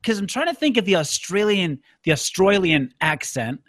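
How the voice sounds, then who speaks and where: A man's voice: high-pitched, sing-song, normal speed, a bit bright, no echo. Man, podcast host; dry close recording; wry, self-mocking storyteller. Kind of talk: casual chat. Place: Chicago.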